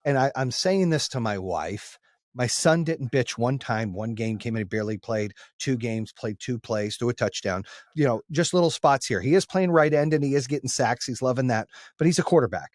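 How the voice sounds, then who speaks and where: A man's voice: medium pitch, expressive, normal speed, darkish tone, dry recording, studio quality. Blunt swearing male podcast host. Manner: blunt, swears freely, retells arguments in dialogue. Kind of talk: casual storytelling.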